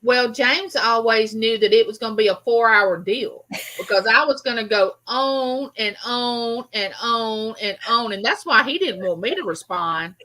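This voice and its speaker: Loud woman cohost, bright sharp voice, kinda high. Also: a little slow. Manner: loud, talks with her hands. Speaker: co-host of a live chat show. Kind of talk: casual chat.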